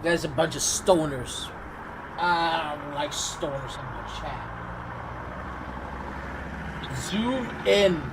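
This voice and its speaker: A man's voice: a little high, measured pace, heavy background noise. A man streaming live, reacting to a video with profane, sarcastic, rambling commentary.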